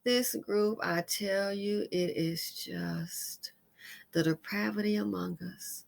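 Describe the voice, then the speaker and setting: A woman hosting her own commentary channel, talking emphatically and with emotion, sometimes sinking into a tired hush. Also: mid-range voice, takes it slowly, creaky. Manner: emphatic, heated, sometimes drops to a weary hush. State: upset and emotional. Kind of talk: opinionated commentary monologue.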